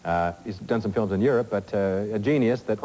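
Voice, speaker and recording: A man's voice: fairly low pitch, brisk, warm tone, big-room sound, rough recording. A middle-aged man hosting a TV quiz show, reading questions and chatting in asides full of fillers, in a studio. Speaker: game show host.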